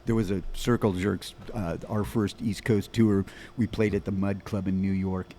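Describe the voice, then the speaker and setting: Older man telling rapid-fire stories. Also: deep voice, a little hiss or hum. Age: 60s. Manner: animated, fast bursts with frequent restarts. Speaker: musician guest. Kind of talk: rambling storytelling in an interview.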